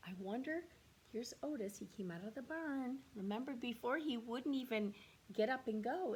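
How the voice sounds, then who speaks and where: A woman teacher reading a picture book aloud to children, pausing to ask them to predict what happens next. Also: a little high. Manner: gentle, questioning, drops to whispers for kids.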